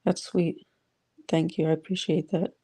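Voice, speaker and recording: A woman's voice: low-pitched, level tone, moderate pace, warm tone. A woman hosting a casual live audio chat, greeting listeners by name and reading their comments aloud. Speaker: live audio room host.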